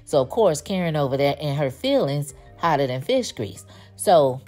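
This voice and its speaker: A woman recapping a TV episode in a casual, animated, gossipy way, full of slang and quoted lines. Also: deep voice, moderate pace, faint music behind. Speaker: TV show reviewer.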